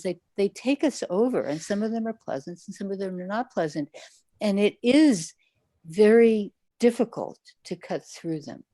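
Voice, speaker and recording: A woman's voice: medium pitch, dark tone, no echo. A woman Zen teacher answering questions in a livestream talk, conversational, now and then acting out people's inner voices. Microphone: livestream setup.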